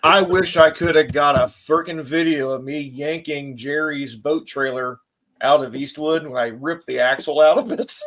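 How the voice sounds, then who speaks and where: Laid-back man with a higher voice. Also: fairly even intonation, moderate pace, fairly bright tone. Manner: laid-back listener, mostly short agreeing replies. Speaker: co-host. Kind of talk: casual chat.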